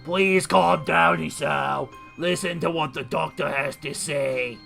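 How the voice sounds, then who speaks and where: A man voicing a calm middle-aged father in a comedic visual novel reading. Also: fairly high pitch, slow, gravelly, faint music behind, exaggerated voice. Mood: reassuring.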